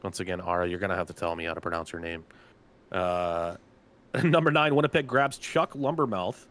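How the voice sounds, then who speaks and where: A man's voice: deep voice, fairly quick, fairly bright tone. A man, a team general manager, casually announcing draft picks with a chatty, loose manner and lots of filler words. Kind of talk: casual live draft commentary.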